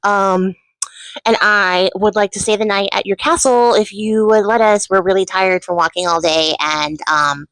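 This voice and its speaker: A woman's voice: mid-range voice, moderate pace, fairly bright tone, clean tone, no room sound, close to an everyday voice, poor audio. A woman voicing a bold, brash young sister who talks bluntly, casually and with swearing.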